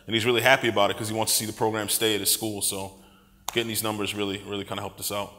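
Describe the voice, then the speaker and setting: Fast-talking bright man in a hall. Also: fairly low pitch, level tone. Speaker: conference presenter. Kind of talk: conference talk. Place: conference hall. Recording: echoey hall.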